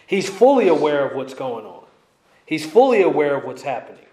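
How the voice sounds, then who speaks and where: A man's voice: on the high side, very animated, a little fast, mellow. A man preaches a verse-by-verse sermon in a slightly raised voice. He is emphatic and drives his points home by repeating them. The sound is echoey, as in a church sanctuary. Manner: emphatic, repeats key lines. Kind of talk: expository sermon.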